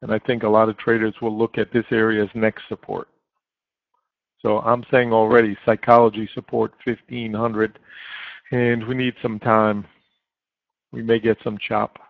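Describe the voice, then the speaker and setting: A man's voice: lowish voice, level tone, moderate pace, vocal fry, dry recording. A man giving live market commentary as a trading chat room moderator, coaching steadily with frequent fillers over a dry, phone-like line.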